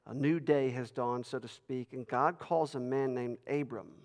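A man giving a lively Bible lecture to an audience, rising in pitch and loudness when he stresses a point. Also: moderate pace. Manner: animated, rises in pitch and volume for emphasis. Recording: long reverb of a large hall.

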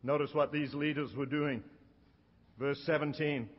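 A middle-aged man preaching a sermon in an emphatic way, slowing down to stress his key lines. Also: on the high side, fairly even intonation. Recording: dull sound with long hall reverb.

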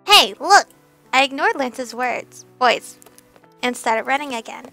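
A woman's voice: high-pitched, animated, measured pace, creaky, bright, forceful tone, soft background music. A woman streamer reading a story game aloud and adding giggly, chatty asides.

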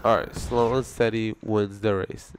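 A man's voice: lowish voice, flat delivery, a little slow, slight background noise. A young man giving gameplay commentary, frustrated and swearing, with sudden yelps between muttered remarks. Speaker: gamer.

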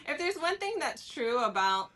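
A woman guest commenting on a talk show, speaking in a measured way with many fillers. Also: sits high, big pitch swings, noisy background.

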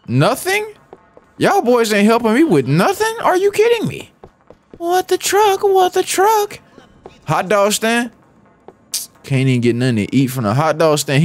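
A young man talks his way through a game, excitable and slangy, repeating phrases and muttering rap lines. His voice sits high and swings widely in pitch, and faint music plays under him. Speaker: gaming YouTuber. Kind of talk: live gameplay commentary.

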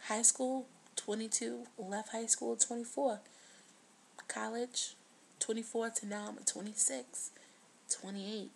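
Earnest woman vlogger with vocal fry. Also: on the high side, fairly even intonation, slow, slight background noise. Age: 20s. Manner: earnest, heartfelt, drops to a hush at times. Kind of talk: confessional video diary.

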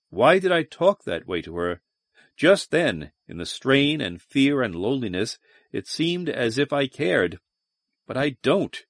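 A weary soldier commander in an audiobook speaks in a low, clipped way, as a reader acts him out. He sounds brooding and hardened. The voice is close and dry, with no room around it. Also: no echo.

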